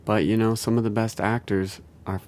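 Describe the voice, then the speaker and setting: A man co-hosting a casual comedy podcast, jokey and riffing, quick to laugh. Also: on the low side, flat delivery, darkish tone. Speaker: podcast co-host.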